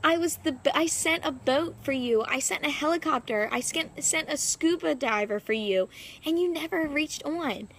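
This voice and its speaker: God, as a woman puts him on, patient and matter-of-fact, gently reproachful, in a slightly raised voice. It is told casually, like an everyday anecdote. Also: high voice, moderate pace, slight background noise.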